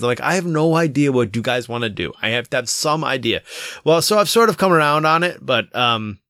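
A middle-aged father tells a long, rambling story in casual chat and acts out the voices of his kids. His voice sits at an average pitch and sounds dry and close, with little room around it. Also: lively intonation, fairly quick, a bit bright, dry recording. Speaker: parent.

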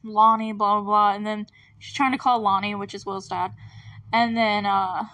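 A woman's voice: medium pitch, steady tone, moderate pace, bright, forceful tone. A woman hosting a podcast, recapping a TV episode in a casual, chatty way with lots of fillers and frequent laughs between remarks. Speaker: podcast host.

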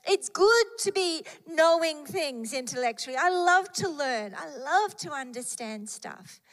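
Woman preacher, emphatic sermon, slow measured pace, high voice, long hall reverb. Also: expressive, a bit bright. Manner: emphatic, repeats key phrases, reads scripture aloud.

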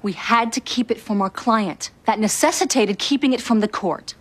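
An actress playing a composed female defense attorney questioning a witness in a TV legal drama, formal and measured. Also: on the high side, lightly acted. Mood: insistent.

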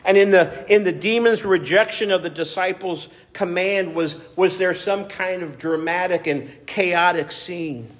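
A man preaching a sermon as pastor, earnest and measured, repeating phrases for emphasis. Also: sits high, a bit bright.

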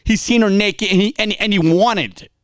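A man giving an impassioned spoken sermon, telling a story dramatically and shifting between quiet confession and fiery urging. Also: sits high, normal speed, dry recording, studio quality.

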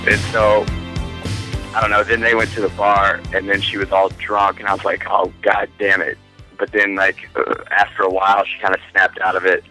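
A man's voice: low-pitched, monotone, normal speed, bright, forceful tone, soft background music, poor audio. A man in his twenties, a podcast guest, telling a long rambling story in casual, profane chat with frequent laughs.

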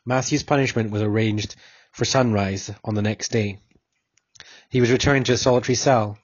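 A man reading a story aloud in a steady, even way. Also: on the low side, moderate pace, no room sound, lo-fi sound. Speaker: narrator.

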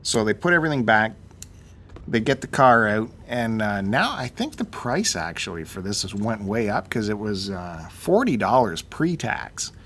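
A man on a casual talk show, telling a long story in an animated, ranting way and acting out the people in it. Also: fairly low pitch, moderate pace, breathy edge. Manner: animated, ranting, acts out quotes.

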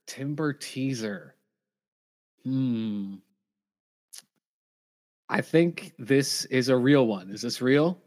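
Man co-host, mid-pitched voice, relaxed and agreeable in casual banter. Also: extremely slow, long pauses. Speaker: podcast co-host. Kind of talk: casual chat.

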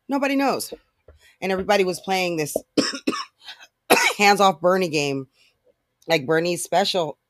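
Fast and frustrated, a podcast host delivers a casual solo rant, blunt and profane and packed with filler words. The mid-range voice comes through clean, in studio quality with no echo.

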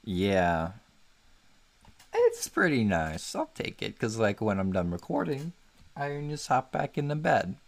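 A man with a lower voice, hosting a podcast as a loose, casual chat. He often mumbles and lets his lines trail off softly. He records from his bedroom at home. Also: wildly swooping pitch, unhurried, gravelly. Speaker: podcast host.

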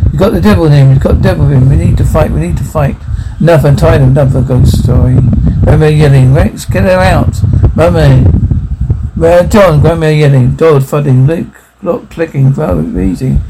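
A man's voice: on the high side, normal speed, noisy background. A man reading a film's dialogue and sound captions aloud, doing every part and cue in one voice.

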